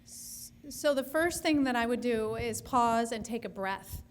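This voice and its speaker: A woman's voice: fairly high pitch, expressive, a little slow, a little hiss or hum. A woman speech therapist answering audience questions at a session, explaining patiently with frequent restarts.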